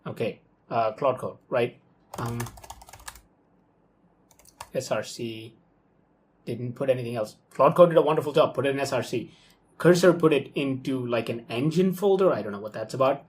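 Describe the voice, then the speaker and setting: A young man talks through his work live at his desk. His voice sits at a middle pitch, loose and excitable. He thinks aloud, filling gaps with okays and ums. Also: moderate pace, pauses often, slight background noise. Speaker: software developer talking through his workflow. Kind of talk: casual live screen-recorded walkthrough.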